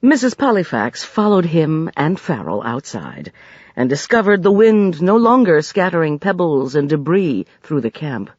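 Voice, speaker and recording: A man narrating an audiobook in a measured, expressive way. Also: on the high side, dry recording, dull audio.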